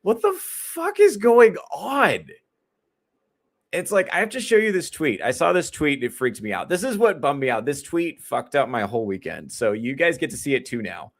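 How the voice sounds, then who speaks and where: Animated, profane male comedian ranting. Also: medium pitch, fairly quick, hardly any pauses. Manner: profane, rambling, exasperated, many fillers. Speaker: comedian and podcast host. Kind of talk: solo podcast monologue.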